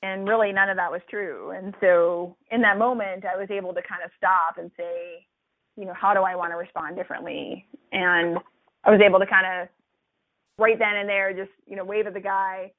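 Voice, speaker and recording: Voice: mid-range voice, little pitch movement, moderate pace, no echo. A physician who trains residents talks casually and reflectively, with many fillers and restarts. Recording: tinny dry phone line.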